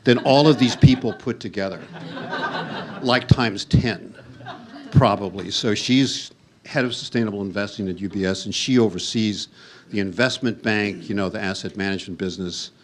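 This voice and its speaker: A man's voice: fairly low pitch, moderate pace. A man moderating a panel at a university forum in front of an audience, introducing speakers in a loose, teasing, chatty way. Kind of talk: joking conversational panel introduction. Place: university event room with audience.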